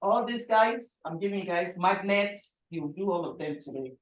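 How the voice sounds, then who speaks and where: A woman leads a hands-on class, animated and insistent, sometimes dropping almost to a hush. The classroom rings with echo. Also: moderate pace. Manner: animated, emphatic, drops to a hush at times. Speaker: sublimation printing instructor. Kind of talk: in-person class teaching. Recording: echoey classroom, low-quality mic.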